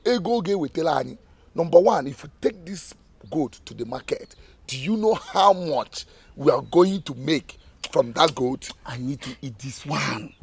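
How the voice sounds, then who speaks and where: Gravelly Nigerian goat thief. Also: male voice, fairly high pitch, moderate pace. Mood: scheming. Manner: excited, pidgin banter. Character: scheming young man plotting over stolen goat.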